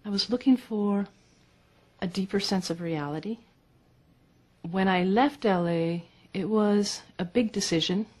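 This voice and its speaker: A woman's voice: medium pitch, darkish tone. A woman in her fifties, interviewed, giving a reflective personal account in a thoughtful, searching way. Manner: thoughtful, slow, searching for words.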